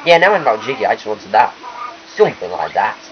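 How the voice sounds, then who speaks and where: A man's voice: on the low side, big pitch swings, brisk, a little hiss or hum. Man reading as a sheepish bear hero. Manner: hesitant, stammering. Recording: lo-fi capture with faint game music.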